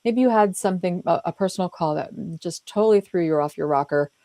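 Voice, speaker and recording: A woman's voice: on the low side, fast, warm tone, dry recording. A woman hosting a podcast conversation, talking earnestly and emphatically and acting out little quoted lines. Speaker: podcast host. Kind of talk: conversational interview talk.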